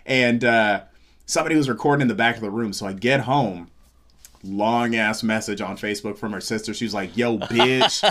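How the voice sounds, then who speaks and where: A man's voice: lowish voice, fairly quick. A man who is a comedian, telling a story in casual chat and acting out the lines of the people in it. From Seattle, USA. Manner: animated, acts out quoted lines.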